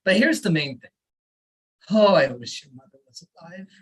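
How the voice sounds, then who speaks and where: A performer at an online open mic reads a serialized story and then chats casually. The voice is husky and the delivery dry and wry. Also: mid-range voice, big pitch swings, moderate pace, low-quality recording. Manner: laid-back, wry.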